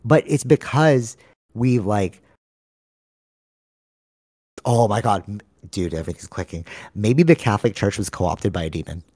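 A man's voice: lowish voice, lively intonation, unhurried, pauses often, a little mellow, slightly rough, no room sound, studio quality. A sleep-deprived young man co-hosting a podcast, rambling in casual slang and calling his friend bro. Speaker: podcast co-host. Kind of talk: casual chat. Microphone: studio microphone.

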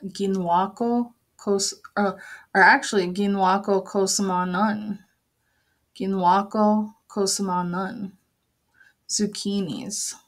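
A woman leads a calm language lesson, speaking at a very slow, deliberate pace. She says each word more than once and then explains it in a gentle, patient way. Her voice sits at a middle pitch. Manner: patient, repeats each word slowly, frequent fillers. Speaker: language teacher. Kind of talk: slow, careful vocabulary lesson with repeated words.

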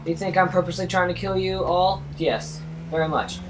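A man commentating over his gameplay as a taxi driver, swearing constantly and swinging between furious yelling and low muttering. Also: flat delivery, brisk, noisy background. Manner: profane, swings from rage-filled yelling to muttering. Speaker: gamer playing a taxi driver. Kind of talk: let's-play commentary.

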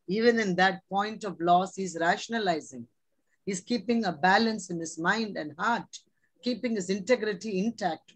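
A woman's voice: medium pitch, fairly bright tone, low-quality recording. A middle-aged woman preaching a sermon, earnest and exhorting, with many rhetorical questions. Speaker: preacher, religious sister.

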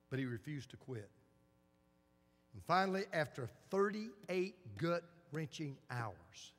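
A male pastor preaching a sermon in a church, telling a story with dramatic repetition. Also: a little high. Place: church sanctuary. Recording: long church reverb.

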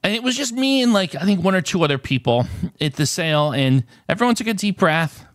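A middle-aged man tells stories straight to the camera in a casual, chatty way, with plenty of fillers and restarts. His voice sits high and swings widely in pitch. The sound is dry and close, with no room echo. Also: big pitch swings, fairly quick, a bit bright. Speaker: retro game collecting host.

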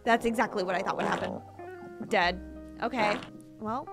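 A young woman giving chatty, giggly gameplay commentary with loud reactions. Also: on the high side, expressive, normal speed, over music. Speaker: gaming video host.

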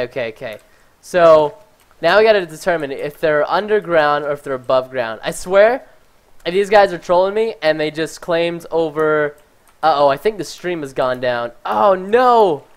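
A man giving chatty, excitable live commentary while playing a game, talking to his viewers and easily startled. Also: a little high. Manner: talks to chat and viewers. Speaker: gaming livestreamer.

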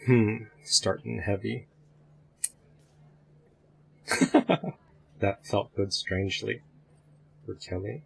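Man, deep husky voice, gravelly, drawn-out casual commentary. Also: expressive. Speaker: discussion group host. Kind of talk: casual commentary between excerpts.

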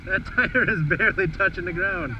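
A man's voice: sits high, moderate pace. A man giving casual, laughing commentary while riding along outdoors, swearing and exclaiming with amusement. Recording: lo-fi with loud road noise.

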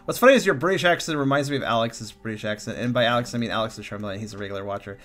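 A man's voice: medium pitch, very fast, a bit bright, soft background music. A man streaming a game, chatting casually, joking and swearing freely, often trailing off into mumbles. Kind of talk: casual let's-play chat.

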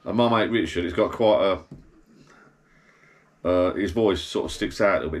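Deep-voiced bloke rambling. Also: male voice, a little slow, long pauses. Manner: chatty, meandering, blokey storytelling with self-corrections. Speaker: vlogger. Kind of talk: rambling anecdotal monologue to camera. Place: backyard garden bar shed.

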